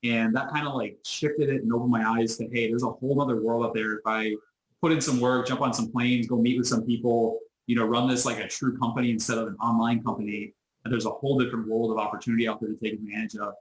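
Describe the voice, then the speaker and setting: Fast-talking man on a roomy video call. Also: medium pitch. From United States. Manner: animated storyteller who acts out quoted voices, frequent restarts. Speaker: interview guest, business owner. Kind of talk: casual storytelling interview. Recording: roomy echo.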